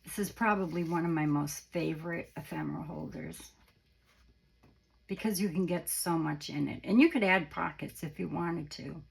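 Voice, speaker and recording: A woman hosting a casual, chatty craft tutorial with a croaky voice, explaining steps as she goes and correcting herself along the way. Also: sits low, moderate pace, poor audio. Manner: chatty, meandering, self-correcting. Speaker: craft channel host.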